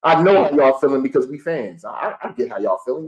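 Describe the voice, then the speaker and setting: Heated sports-show host ranting. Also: male voice, medium pitch, animated, fast, lo-fi sound. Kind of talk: live-streamed fan sports commentary.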